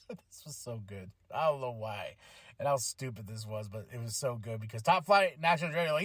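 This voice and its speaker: A man hosting a podcast, reviewing a wrestling show in casual chat, excitable, laughing often and swearing freely. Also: medium pitch, moderate pace, long pauses, no room sound, studio quality. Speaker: podcast host.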